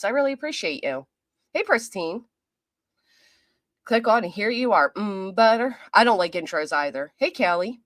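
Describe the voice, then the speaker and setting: A woman's voice: mid-range voice, very animated, normal speed, a bit bright, no room sound. Woman livestream host, casual and chatty, roll-call greetings, dry close sound. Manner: chatty and friendly, reading out viewer names. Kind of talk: casual chat greeting live viewers. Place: apartment.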